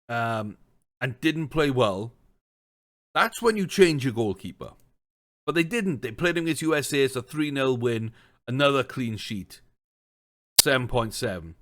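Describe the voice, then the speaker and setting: A man's voice: medium pitch, fairly bright tone. A man giving casual let's-play commentary on a football management game, chatty and thinking aloud, with bursts of exasperated ranting. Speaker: gaming streamer.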